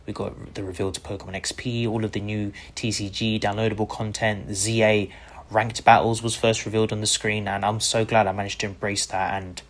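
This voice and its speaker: A man's voice: lowish voice, a little fast. A man from the UK, a content creator being interviewed, telling his story with eager gratitude and bringing other people's words to life as he goes. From United Kingdom. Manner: enthusiastic, grateful, acts out quoted people in lively voices.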